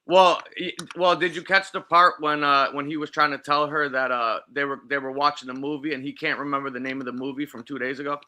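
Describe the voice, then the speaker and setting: Mocking cursing guy, really bright sharp voice, casual commentary. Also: fairly high pitch, little pitch movement, a little fast, hardly any pauses. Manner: profane, mocking, incredulous.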